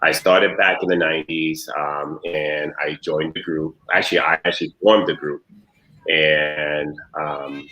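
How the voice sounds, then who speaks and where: A middle-aged man who is a guest on a live interview show, talking over a video call. He is relaxed and friendly and speaks in quick bursts with fillers. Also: extremely low pitch, echoey room, rough recording. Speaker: guest, musician. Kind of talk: casual interview.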